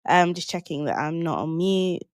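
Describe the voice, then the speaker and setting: A woman's voice: fairly low pitch, lively intonation, no echo, studio quality. Upbeat woman teaching live online. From London, England. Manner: chatty and upbeat, greeting viewers by name with quick laughs. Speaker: business coach hosting a live online masterclass. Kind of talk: casual live-stream teaching.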